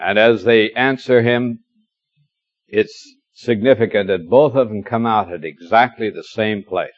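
Gently humorous preacher on old tape. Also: male voice, on the low side, dry recording. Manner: warm storytelling, gently humorous, reads scripture slowly. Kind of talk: expository sermon. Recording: dull lo-fi dry recording.

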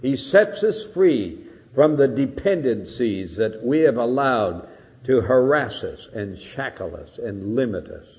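A man's voice: medium pitch, lively intonation, a little slow, darkish tone, long reverb tail. An older man preaching an earnest expository sermon, rising to emphatic peaks, on a dull old recording.

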